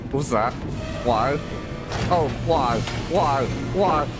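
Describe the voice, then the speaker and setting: A gaming channel host playing a horror game, panicking out loud with yelps, shrieks and repeated cries of alarm. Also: mid-range voice, expressive, drawn-out words. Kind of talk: horror game let's play commentary. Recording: game music loud under the voice. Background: loud tense game music.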